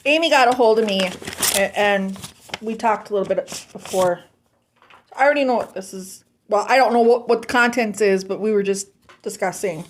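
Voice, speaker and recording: A woman's voice: medium pitch, normal speed, a little hiss or hum. A woman hosting a casual vlog, chatting while opening fan mail and gushing with sentimental thanks. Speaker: vlog host.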